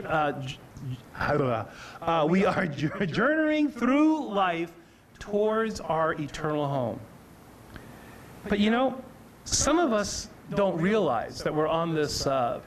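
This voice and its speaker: A man preaching a sermon, earnest and emphatic, often repeating and restarting his phrases. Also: high voice.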